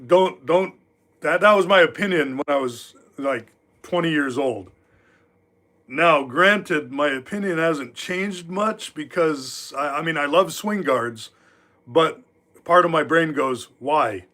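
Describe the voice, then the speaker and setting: A man's voice: fairly high pitch, slow, sharp tone. A man in his fifties from Alaska, hosting a livestream and telling rambling stories full of filler words. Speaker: livestream host. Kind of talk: casual storytelling. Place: knife workshop.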